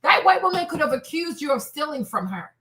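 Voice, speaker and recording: A woman's voice: high-pitched, very animated, fairly quick, sharp tone. A woman host giving sassy, emphatic reaction commentary on a stream, with laughing asides.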